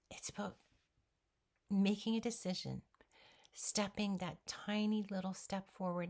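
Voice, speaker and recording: A woman vlogger giving an earnest, emphatic motivational talk straight to the viewer. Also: mid-range voice. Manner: speaks directly to the viewer. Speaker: weight-loss vlogger.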